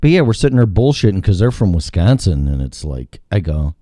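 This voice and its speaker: A man's voice: low-pitched, big pitch swings, a little fast, hardly any pauses, mellow, no room sound. A man from the American Midwest hosting a talk show in casual, profane, rambling chat, with sarcastic asides, recorded on a studio mic. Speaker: radio show host.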